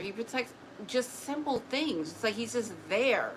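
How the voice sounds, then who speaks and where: A woman talking casually and emotionally to camera, often pausing to address an unseen spirit, with quick restarts and repeated words. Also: a little high, lively intonation. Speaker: spiritual vlogger. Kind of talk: casual personal talk to camera. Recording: noticeable background noise.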